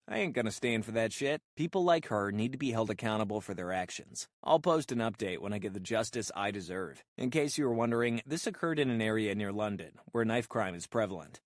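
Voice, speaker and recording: A man narrating a story in an even, conversational manner. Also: fairly low pitch, no echo, studio quality.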